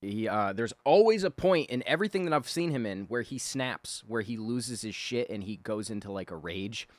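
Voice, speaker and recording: A man with a fairly low voice rambles in a loose, profane way, chuckling as he goes. His pitch swings widely from one phrase to the next. The sound is dry and close. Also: expressive, moderate pace, no room sound. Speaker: artist talking over a drawing. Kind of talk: casual rambling commentary.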